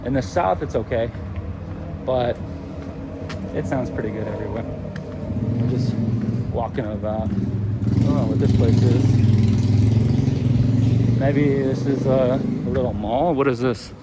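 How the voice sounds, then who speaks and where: A man's voice: mid-range voice, unhurried, long pauses. A man filming a casual travel vlog as he walks through a city, talking in a chatty, rambling, opinionated way. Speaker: travel vlogger. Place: city streets outdoors. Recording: street noise around the mic. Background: traffic and urban street noise.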